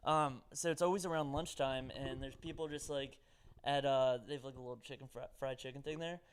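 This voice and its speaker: A man's voice: medium pitch, steady tone, a little fast, slight background noise. A man co-hosting a podcast who rambles in a giggly, hesitant way, with lots of fillers. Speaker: podcast co-host. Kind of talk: casual comedy chat.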